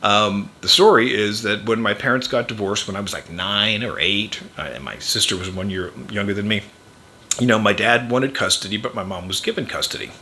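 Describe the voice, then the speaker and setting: A man's voice: lowish voice, a little fast, pushed and bright, slight background noise. An older man, a podcast host and chiropractor, telling a personal story in a rambling, anecdotal way with wry chuckles.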